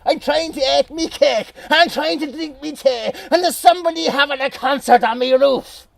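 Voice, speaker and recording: A man with an Irish accent voicing a mean, grumpy old farmer who rants in a high, exasperated voice. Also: moderate pace, creaky, fairly bright tone, no echo, exaggerated voice. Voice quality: high-pitched, exasperated ranting.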